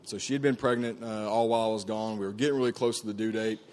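A man's voice: on the low side, fairly even intonation, fast, a little mellow, a little hiss or hum. A man telling his personal testimony to a group in an earnest, conversational way, with frequent fillers and restarts. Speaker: camp staff speaker sharing his testimony.

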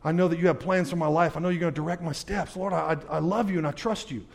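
A man with a rather high voice tells his faith story to a live crowd. He speaks emphatically and keeps throwing questions at his listeners. He moves between hushed, low stretches and loud, fired-up bursts. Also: fairly even intonation, fast talker, gravelly. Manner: emphatic storyteller, addresses the audience directly with questions. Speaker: former pitcher giving a faith testimony talk. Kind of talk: testimony talk to a live audience.

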